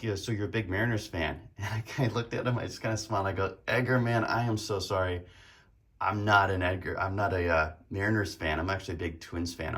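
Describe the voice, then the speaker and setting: A man vlogging casually about card collecting, telling a chatty, rambling story with fillers and laughs. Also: deep voice.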